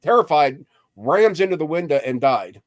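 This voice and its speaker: A man's voice: fairly high pitch, animated, normal speed. An older man in casual chat, joking with dry one-liners while a little tipsy.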